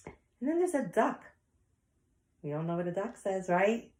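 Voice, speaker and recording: A woman's voice: medium pitch, sing-song, normal speed, long pauses, darkish tone, reverberant. A woman teacher leading an online lesson for young children, in a sing-song voice that acts out animal sounds. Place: home.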